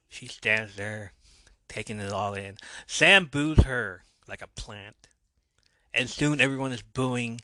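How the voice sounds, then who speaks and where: Bright-voiced joking podcast host man. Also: medium pitch, lively intonation, slow, no room sound. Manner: joking asides, self-correcting. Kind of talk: casual episode recap.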